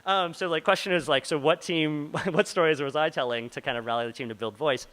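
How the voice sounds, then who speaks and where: A man's voice: on the high side, fairly quick, a bit bright, rough recording. A man presenting at a meetup, answering audience questions in a loose, chatty way with plenty of fillers. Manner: casual, filler-heavy, many likes and ums. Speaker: product manager presenting. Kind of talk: meetup Q&A talk. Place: meeting room before a live audience.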